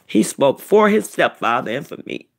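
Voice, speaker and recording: A middle-aged woman tells a personal story with deep feeling, her voice gravelly and a little husky. Her pitch swings up and down a great deal as she repeats herself for emphasis. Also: moderate pace. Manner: animated, repetitive storytelling. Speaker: vlogger, self-described prophetess. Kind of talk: emotional personal testimony.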